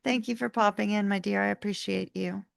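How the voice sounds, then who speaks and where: A woman's voice: mid-range voice, steady tone, brisk, vocal fry, no echo, clean studio sound. A woman hosting a live tarot stream, chatting casually with viewers, laughing often and sounding sleepy and yawning. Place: warm room at home.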